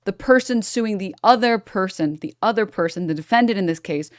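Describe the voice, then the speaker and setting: A woman's voice: mid-range voice, expressive, fairly quick, no room sound. Sarcastic woman streamer, dry close sound. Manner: sarcastic, exasperated, mocking. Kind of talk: casual reaction stream commentary.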